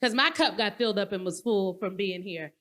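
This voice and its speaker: A woman's voice: medium pitch, fairly quick, fairly bright tone. A woman speaker at a live event, giving playful, enthusiastic thanks before handing off the stage. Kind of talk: closing remarks at a live event. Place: conference hall.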